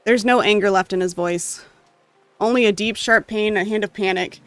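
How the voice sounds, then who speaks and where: A gamer reading a story game's text aloud with emotional, expressive delivery and occasional asides. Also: mid-range voice, moderate pace, no echo, faint music behind. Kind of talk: dramatic reading of game text.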